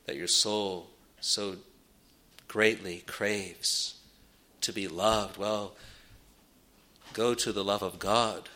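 A man preaching a sermon, earnest, rising in pitch and force when he quotes scripture. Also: sharp tone.

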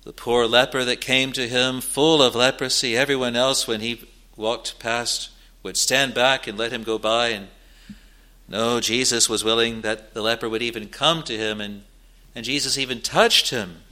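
A man preaching a sermon, slow and earnest, building to emphatic rises and pausing between phrases. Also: medium pitch, steady tone, bright, forceful tone.

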